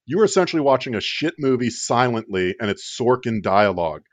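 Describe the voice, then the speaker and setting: A man's voice: mid-range voice, sing-song, brisk, no room sound. A man telling a comic story in a rambling, wry way, with plenty of filler words. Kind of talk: casual comedic storytelling. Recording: dull lo-fi dry sound.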